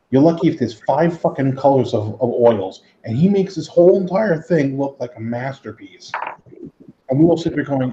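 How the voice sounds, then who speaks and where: Host guy rambling thru a story, does the voices, warm-ish tone, kinda dull roomy audio. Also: mid-range voice, slight background noise. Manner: rambling, animated, acts out quotes. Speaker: host of a modeling hangout. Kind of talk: casual storytelling chat. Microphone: headset.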